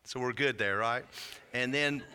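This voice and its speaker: A man's voice: mid-range voice, measured pace, sharp tone, clear, resonant tone. A man, a pastor speaking loosely to his congregation and asking them questions. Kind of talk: sermon talk to a congregation. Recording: echoey church hall, crowd faint.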